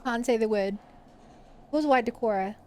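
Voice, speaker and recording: Woman streamer, slightly high voice, chatty gameplay commentary. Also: moderate pace, a little mellow, a little hiss or hum. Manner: chatty, thinking aloud.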